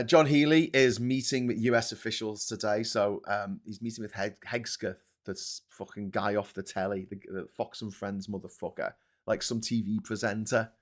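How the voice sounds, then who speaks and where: A man in his forties with a Scouse accent, hosting a casual live-stream and ranting with heavy swearing. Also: fairly low pitch. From Liverpool, England. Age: 40s. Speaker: host.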